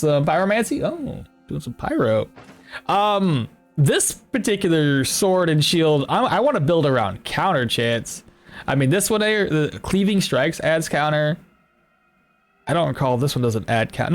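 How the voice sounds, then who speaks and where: A young man talks through his game for a live stream, chatty and rambling as he reads out chat messages. His voice sits a little higher than most men's, and faint music plays behind him. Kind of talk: casual live-stream commentary.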